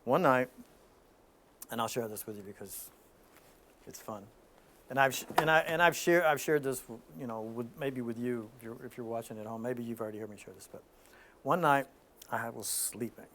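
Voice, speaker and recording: A man hosting an informal spiritual talk, telling stories in an animated way with frequent restarts. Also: mid-range voice, normal speed, pauses often, a little hiss or hum.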